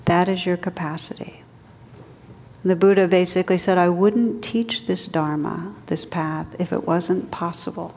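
A woman meditation teacher giving a dharma talk in a slow, gentle, reflective manner. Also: on the low side, in a large hall.

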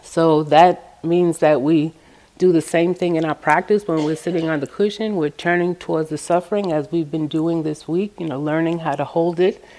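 Gentle low-voiced woman giving a dharma talk. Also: fairly even intonation, normal speed. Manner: gentle, storytelling, acts out quoted voices. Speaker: meditation teacher. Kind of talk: dharma talk with personal stories.

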